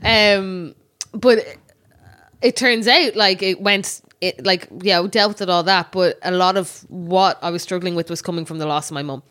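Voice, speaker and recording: A woman's voice: on the low side, fairly even intonation, normal speed, a bit bright. Irish woman on a podcast, open and chatty, swears here and there. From Ireland. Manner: candid, storytelling, swears casually. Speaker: podcast co-host. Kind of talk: casual chat.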